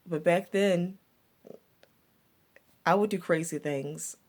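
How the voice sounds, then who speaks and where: A woman's voice: lowish voice, slow, a little mellow. A woman vlogger telling a personal story from her past in a reflective, repetitive way, with stumbling restarts. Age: adult looking back on her younger years.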